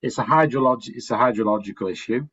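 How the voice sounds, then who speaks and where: A man's voice: mid-range voice, quick pace, a bit bright, slightly rough. A man from Northern England with a Northern English accent, asking a rambling, polite question on a call. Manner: polite, rambling, searching for words. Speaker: audience member asking a question. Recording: dull lo-fi call audio.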